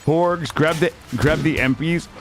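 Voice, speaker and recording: A man streaming a game live, talking casually to his chat in an excitable, slangy way and swearing freely. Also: on the high side, unhurried, faint music behind.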